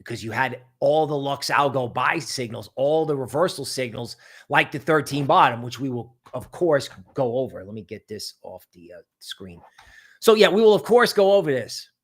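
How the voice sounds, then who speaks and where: A man hosting a casual crypto market stream, talking in an animated, rambling way full of asides. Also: mid-range voice, normal speed. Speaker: crypto market show host.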